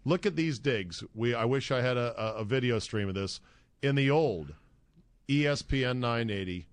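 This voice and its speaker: A man's voice: mid-range voice, moderate pace, no room sound. Sarcastic man hosting a sports podcast. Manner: sarcastic, animated commentary. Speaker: podcast host. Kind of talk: casual sports talk. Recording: dry close studio sound.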